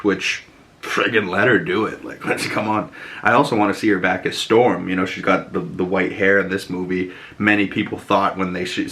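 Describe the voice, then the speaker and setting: Lower-voiced young guy, chatty. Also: fairly bright tone. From Boston. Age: 20s. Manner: chatty and enthusiastic, heavy on "you know" and casual swearing. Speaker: movie reviewer. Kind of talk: casual vlog movie review.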